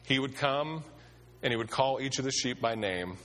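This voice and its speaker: A man's voice: medium pitch, animated, normal speed, bright, forceful tone. A man preaching a sermon as pastor, telling stories in a conversational way with frequent fillers.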